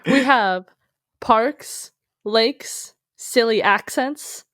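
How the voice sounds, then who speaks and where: A woman's voice: fairly high pitch, extremely slow, fairly bright tone, no room sound, studio quality. A woman from Minnesota co-hosting a casual podcast, asking sarcastic questions and joking. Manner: sarcastic, teasing jokes. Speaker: podcast co-host.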